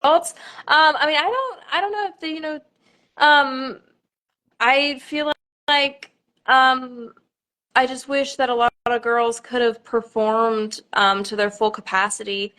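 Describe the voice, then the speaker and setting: A young woman in her twenties, a pageant contestant, talking casually on a livestream, halting with lots of ums and nervous laughter. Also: high voice, steady tone, sharp tone.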